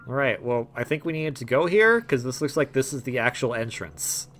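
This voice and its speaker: A man's voice: medium pitch, expressive, moderate pace, fairly bright tone. A young man hosting a gameplay video, rambling in a jokey way with lots of stammers and restarts. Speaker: gaming video host. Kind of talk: casual gameplay commentary.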